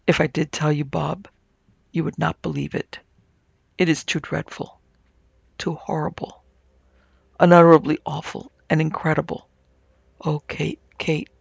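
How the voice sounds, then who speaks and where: A man doing an anguished, gravelly young man. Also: on the high side, level tone, measured pace, long pauses, no room sound, highs cut off, exaggerated voice. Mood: despairing. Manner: gasping, anguished. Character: distraught young man, haunted by grief and horror.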